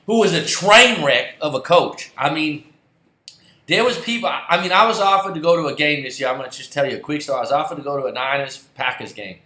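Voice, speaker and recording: A heated, sarcastic man vents as a football fan, swearing and circling back to the same points. His voice sits a little high and sounds bright and sharp. The recording has a roomy echo. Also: quick pace. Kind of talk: angry ranting vlog.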